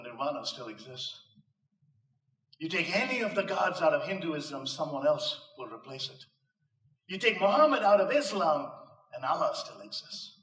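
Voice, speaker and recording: A man's voice: a little high, pushed and bright, far from the mic. A man giving an emphatic, rhetorical inspirational speech to a live audience, mixing in punchline jokes. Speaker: motivational speaker. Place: live venue before an audience. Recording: echoey room, voice off mic.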